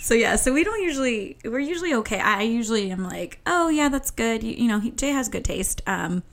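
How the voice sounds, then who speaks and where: A woman's voice: on the high side, animated, brisk. A young woman chatting casually with a friend, teasing and giggling often. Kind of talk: casual chat.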